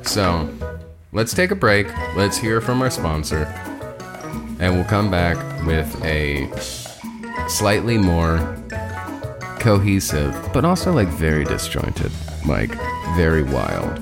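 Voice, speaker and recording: Low-voiced rambling male podcast host. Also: big pitch swings, takes it slowly, gravelly, pauses often, loud music behind the voice. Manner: rambling and joking, talks before thinking. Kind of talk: casual chat.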